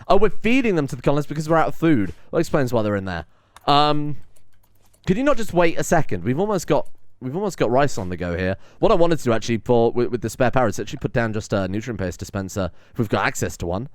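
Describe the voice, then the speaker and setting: A young man hosting a casual let's-play, chatting and rambling with frequent ums and quick exclamations of surprise. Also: mid-range voice, animated, dry recording, studio quality. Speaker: gaming channel host.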